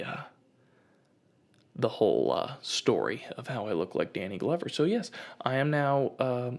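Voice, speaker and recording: Gravelly young man rambling a story. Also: on the low side. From United States. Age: 20s. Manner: rambling storytelling, lots of fillers. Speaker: host. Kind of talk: casual comedic rant.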